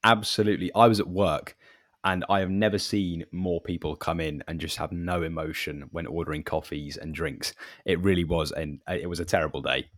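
A man's voice: deep voice, fairly even intonation, normal speed, a bit bright, no room sound, studio quality. A young man, co-hosting a casual sports podcast and explaining football at length with many restarts. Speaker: podcast co-host.

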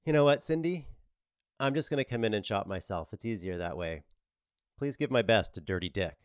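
A man's voice: fairly low pitch, animated, brisk, smooth, no echo, clean studio sound, natural voice. A man voicing a blunt, foul-mouthed woman running a bed and breakfast, in an audiobook. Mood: brash. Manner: blunt and swearing.

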